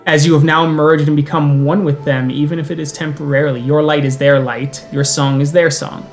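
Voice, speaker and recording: Storyteller for a tabletop game: a man, mid-pitched, unhurried descriptive narration between brisk rules calls, faint music behind. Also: level tone.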